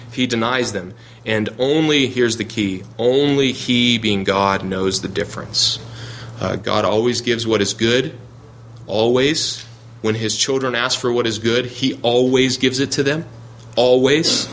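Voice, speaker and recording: A man's voice: lowish voice, fairly bright tone. Earnest man teaching a Bible class. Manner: earnest, reads scripture aloud, restarts and searches for words.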